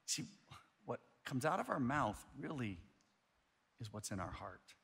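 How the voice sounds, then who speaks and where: A male pastor preaching a sermon, telling a story in an animated way, often restarting his sentences. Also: medium pitch, measured pace.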